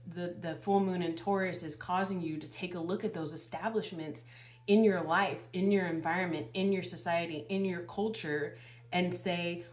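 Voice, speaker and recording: A woman tarot reader gives channeled spiritual guidance straight to her viewers. Her voice sits a little low and she takes her time, stretching each phrase. She repeats herself for emphasis and piles up one rhetorical question after another. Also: a little mellow.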